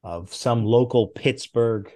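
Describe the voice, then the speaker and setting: Animated middle-aged man spinning anecdotes. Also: slow pace. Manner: animated anecdotes, with big jumps in pitch. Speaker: guest, former comics editor. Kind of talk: casual podcast storytelling.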